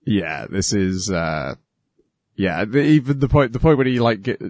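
A man's voice: lowish voice, unhurried, darkish tone, no echo, studio quality. A man co-hosting a podcast, recapping an episode in casual chat, hesitant with many fillers. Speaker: podcast co-host.

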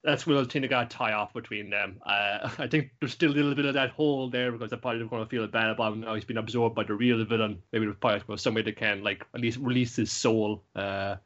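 A man's voice: on the low side, steady tone, quick pace, hardly any pauses, fairly bright tone. A young man hosting a podcast, rambling casually through an anime recap with lots of swearing and fillers. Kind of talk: casual chat. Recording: dull lo-fi recording.

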